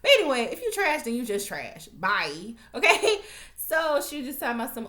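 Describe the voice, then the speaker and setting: A woman with a slightly high voice rants through a TV episode recap. She talks straight to her viewers, blunt and profane, with plenty of animated asides. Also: moderate pace, reverberant. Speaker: TV recap vlogger. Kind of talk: casual profane recap rant.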